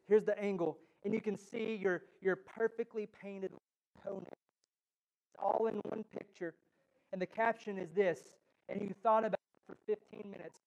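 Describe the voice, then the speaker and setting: A pastor preaching a sermon in church, joking and teasing, with sudden loud jabs. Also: male voice, high voice.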